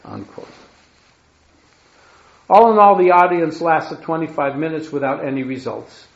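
A man's voice: fairly high pitch, expressive, measured pace, creaky. A man giving a history lecture who reads long quotations from a diary aloud, stumbling and correcting himself as he goes. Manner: reads quotes aloud with restarts and self-corrections. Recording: echoey lo-fi room recording.

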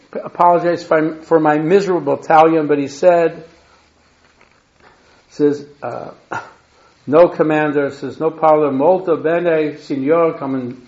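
A man's fairly high voice gives a history lecture, reading long diary quotations aloud with frequent restarts and self-corrections. The sound is lo-fi and muffled, and the room around him is echoey.

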